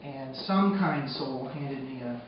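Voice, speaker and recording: A man telling a personal story on stage, moving between hushed, sombre narration and loud, excited retelling. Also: mid-range voice, slow. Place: arts center stage before a live audience. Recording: echoey hall from far off, dull and noisy.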